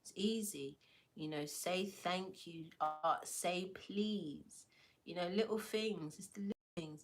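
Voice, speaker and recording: A woman's voice: lowish voice, takes it slowly, a little hiss or hum. A woman giving a casual oracle card reading, playful and affirming, with slangy asides to her viewers. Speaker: tarot and oracle card reader.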